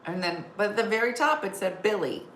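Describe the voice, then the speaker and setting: A woman's voice: mid-range voice, expressive, brisk, a bit bright. A woman comedian hosting a casual live-stream chat, telling stories and reading viewer comments aloud. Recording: roomy sound with faint background noise.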